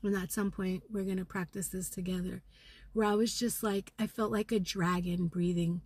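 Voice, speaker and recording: This raw spiritual vlog has a middle-aged woman talking fast and furiously, swearing and now and then sinking to a whisper. Her voice is medium-pitched, steady, darkish, and slightly rough.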